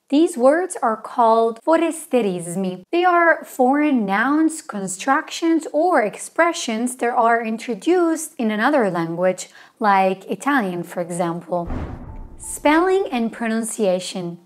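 A woman teaching a language lesson in scripted narration, slowly spelling out letters and words with care. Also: fairly high pitch, animated, soft background music. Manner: slow, careful spelling out of letters.

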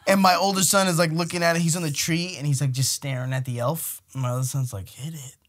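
A man's voice: on the high side, fast talker. A man co-hosting a podcast, telling crude stories and swearing freely in casual banter. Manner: animated storyteller, swears a lot, acts out his kids' voices. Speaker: podcast co-host.

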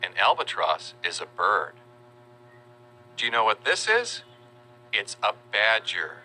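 Male narrator for a kids' learning video, deep-ish and bright, slow and lively. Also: slight background noise, rough recording. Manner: playful, slow and animated, spells out words for kids. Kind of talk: children's educational narration.

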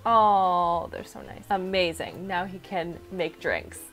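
A woman's voice: lowish voice, slow, fairly bright tone, faint music behind. Chatty woman narrating her game. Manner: chatty, reacting aloud with gasps and laughs. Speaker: gaming YouTuber. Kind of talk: casual let's-play commentary.

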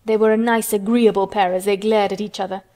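A woman reading a children's storybook aloud in steady, measured narration. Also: medium pitch.

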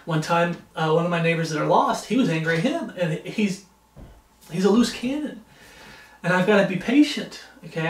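A man with a high voice preaches earnestly to his viewers, circling back and restarting his sentences as he goes. He sits back from the mic, so his voice comes across distant, and the room around him rings with echo. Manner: earnest, repetitive, halting with restarts. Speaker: ministry preacher. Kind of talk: informal devotional talk.

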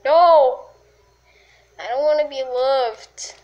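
Woman, gamer, slow-talking, yelps and exclaims, slightly high voice, let's play commentary. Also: lo-fi sound. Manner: excitable, full of yelps and exclamations.

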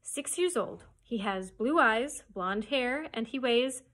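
A woman's voice: fairly high pitch, animated, takes it slowly, a bit bright, exaggerated voice. A woman reading aloud and voicing a motherly housekeeper with plain, homely speech. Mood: anxious.

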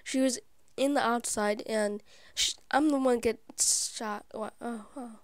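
A woman hosting her gaming channel, giving live gameplay commentary; excitable and easily frustrated, she often drops into whispered asides. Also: on the high side, a little slow, no room sound. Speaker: YouTube gaming channel host.

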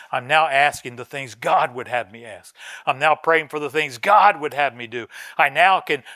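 A man preaching a sermon as pastor, telling a story with swings from soft asides to loud emphatic lines. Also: medium pitch, no echo, studio quality. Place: church sanctuary.

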